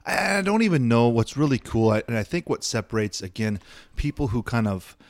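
A man's voice: medium pitch, very animated, brisk, dry recording. A man co-hosting a podcast in casual chat, reflective, with frequent fillers. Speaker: podcast co-host.

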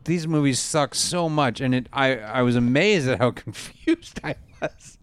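A man's voice: mid-range voice, lively intonation, a little slow, clear, resonant tone, dry recording. A man co-hosting a casual movie podcast, ranting with exasperation and laughing often as he talks. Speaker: podcast co-host. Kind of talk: casual movie review chat.

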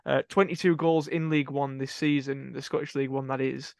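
A man's voice: medium pitch, level tone, fairly quick, vocal fry, darkish tone, dry recording. Rambling man, dry close sound. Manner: rambling, self-correcting, laughing at own slips. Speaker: podcast co-host reading transfer rumours. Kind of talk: casual podcast chat.

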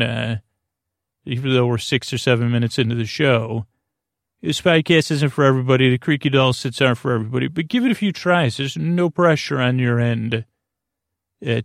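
A man hosting a sleep podcast, talking in a meandering way with lots of fillers and restarts, with a creaky voice. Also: medium pitch, no room sound, clean studio sound. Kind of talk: rambling bedtime monologue.

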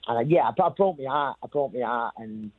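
A man's voice: mid-range voice, expressive, brisk, no echo. Man telling a story over a thin line. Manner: rambling, repeats himself, quotes others. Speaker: boxer telling his story. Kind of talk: interview storytelling. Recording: thin phone-like sound.

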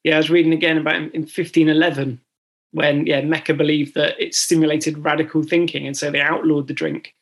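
A man's voice: on the high side, level tone, brisk, a bit bright. A man co-hosting a podcast, chatting agreeably and repeating words as he thinks. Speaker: podcast co-host. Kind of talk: casual chat.

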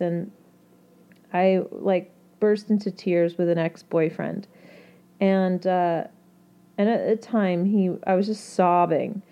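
A woman hosting an astrology talk, speaking gently and reassuringly to her listeners, with casual fillers and restarts. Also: medium pitch, dull audio. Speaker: astrology podcast host.

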